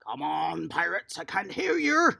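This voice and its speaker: Bright, gravelly coach, upbeat with little kids, outdoor garden lesson. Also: mid-range voice, measured pace. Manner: lively, encouraging, praising the children. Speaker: children's tennis coach. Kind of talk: home tennis lesson for young children.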